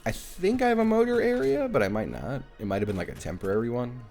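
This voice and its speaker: A man's voice: medium pitch, big pitch swings, quick pace, creaky, darkish tone, faint music behind. A young man streaming a game live, chatting casually, swearing and thinking aloud as he thanks viewers. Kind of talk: casual live-stream chat while playing.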